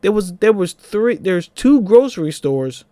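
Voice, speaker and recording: A young man with a Philadelphia accent, telling a personal story in a casual, animated vlog, with laughing asides. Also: sits high, a little slow, no echo, studio quality.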